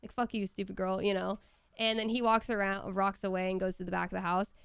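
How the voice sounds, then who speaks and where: A woman talks casually on a live stream from home, spinning animated stories and swearing freely. Her voice carries a gravelly edge yet stays remarkably clear. The sound is dry and close, with no room around it. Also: mid-range voice, fast, no room sound. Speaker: voice actor signing on stream.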